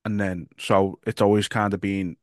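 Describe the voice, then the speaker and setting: A man with a Liverpool accent hosting a casual podcast, halting and repeating his words, swearing now and then. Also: low voice, little pitch movement, no echo, studio quality. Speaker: podcast host.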